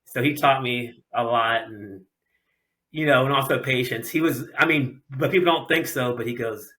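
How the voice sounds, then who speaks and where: With a little hiss or hum in the recording, a middle-aged Ohio man speaks in a mid-range voice at a moderate pace. He's a racer appearing as a podcast guest, casually telling animated stories and voicing the people he quotes.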